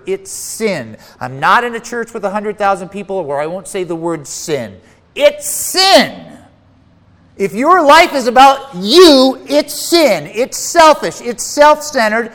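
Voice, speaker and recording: A man preaching a sermon as pastor, emphatic and animated, slipping into whiny voices to mock self-centered complaints. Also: high voice, moderate pace, few pauses, big-room sound. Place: church.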